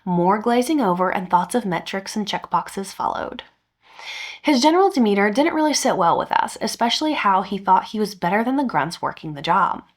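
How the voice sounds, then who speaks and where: Brief: woman, podcast host, expressive story reading with dry humor. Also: mid-range voice, normal speed. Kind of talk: reading a revenge story aloud.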